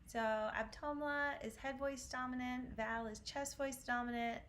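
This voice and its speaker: A woman's voice: sits high, fairly even intonation, measured pace, a bit bright, a little hiss or hum. A woman vocal coach from Upstate New York with its accent, teaching a live online singing lesson in a chatty, encouraging way and often checking in with "okay?". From Syracuse, New York.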